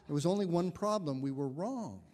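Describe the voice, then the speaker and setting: A man preaching as a guest minister, telling a story with gentle humor. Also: fairly high pitch, lively intonation, brisk, long reverb tail, heavy background noise. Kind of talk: sermon. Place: congregation sanctuary.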